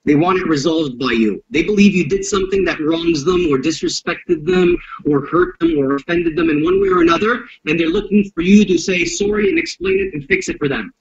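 A man with a high, gravelly voice talks bluntly and with plenty of swearing, explaining violence like a self-defense instructor in an interview. His pitch swoops widely as he animates each point. The audio sounds dull and lo-fi. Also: brisk, hardly any pauses. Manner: blunt, profane and animated, acts out confrontations.

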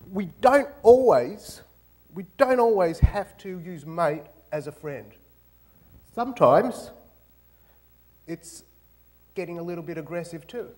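Joking Australian man, high voice. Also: a little mellow. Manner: playful, joking, sings out greetings. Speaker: guest speaker. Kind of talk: lively stage talk with jokes. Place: campus auditorium.

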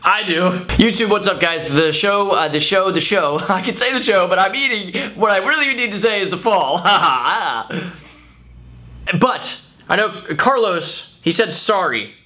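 A young YouTuber rambles in playful blooper takes and keeps tripping over his own words. His voice sits a bit high with a bright edge. His pitch bounces all over the place. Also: animated, measured pace. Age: young adult. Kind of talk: casual vlog bloopers.

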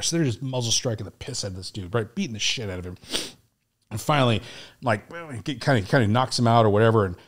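A middle-aged man, a military veteran from the United States, telling combat stories in a casual, profane way and often breaking into laughter. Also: mid-range voice. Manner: animated, profane war storytelling, laughing often. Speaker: guest, Navy SEAL veteran. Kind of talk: casual storytelling.

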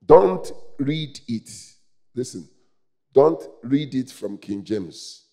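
A man preaching a sermon, swinging from quiet asides to loud shouted climaxes and calling for responses from the congregation. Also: medium pitch, expressive. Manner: slow, drawn-out emphasis.

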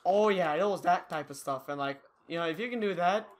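A man's voice: high-pitched, brisk. A young man giving casual, rambling, self-mocking commentary over his own gameplay. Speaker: gaming YouTuber.

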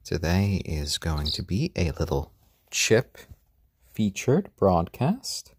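A tired man hosting a casual live stream from home, talking gently and unhurriedly, often cooing to a chick. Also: low voice, big pitch swings, slow pace, breathy edge, dry recording, studio quality. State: tired after a long workday. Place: at home, indoors.

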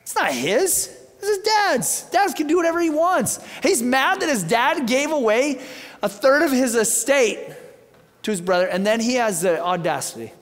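A male pastor preaching in a church sanctuary, telling a story with lively swings in his voice and casual asides to his listeners. His fairly high voice carries a long church reverb. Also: moderate pace. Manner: animated storytelling, conversational asides. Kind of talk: sermon.

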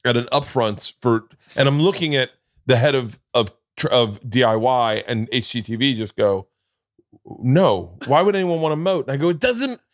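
A man hosting a podcast, telling comic stories in a casual, animated way and acting out quoted lines with big jumps in pitch. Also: moderate pace, no room sound, clean studio sound. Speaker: podcast host. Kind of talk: casual comedic storytelling.

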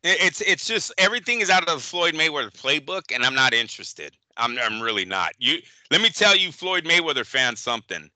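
Male co-host, profane ranter, high lively voice, dry close sound. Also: fairly quick, hardly any pauses, no echo, poor audio. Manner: profane, ranting, mocks others in put-on voices. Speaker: boxing show co-host. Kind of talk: casual podcast chat.

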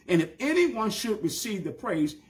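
A Southern US pastor preaching a sermon, his voice pitched high for a man. He swings between emphatic rising bursts and slow, drawn-out lines. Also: sing-song, darkish tone.

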